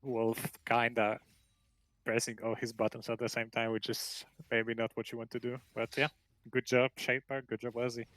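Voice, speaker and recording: A man giving relaxed, analytical color commentary on a live esports match, in casual phrasing. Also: mid-range voice, moderate pace, no room sound, low-quality recording. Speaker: esports co-caster.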